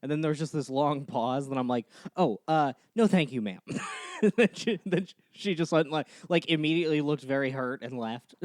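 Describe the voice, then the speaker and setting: Dry-toned young man telling deadpan stories. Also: a little high, fairly quick, dry recording. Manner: laughs often, deadpan storytelling. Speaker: podcast host. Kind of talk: casual chat.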